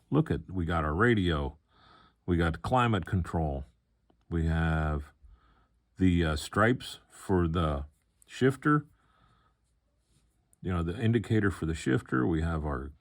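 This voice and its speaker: Older male hobbyist, low-pitched voice, easygoing and meandering unboxing chat. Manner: relaxed, rambling, with many fillers and restarts. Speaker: model kit hobbyist. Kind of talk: casual unboxing commentary.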